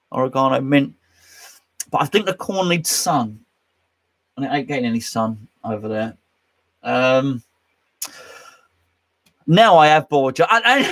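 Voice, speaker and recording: A man's voice: a little high, a bit bright. A man hosting a casual live stream from his home man cave, rambling and joking as he reads out chat comments. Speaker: host.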